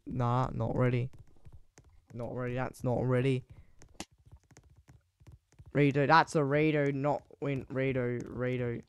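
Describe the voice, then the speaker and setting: A young man commentating a live game, switching between muttered asides and sudden excited shouts. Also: medium pitch, slow pace, long pauses, clear, resonant tone, no echo. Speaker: sports commentator.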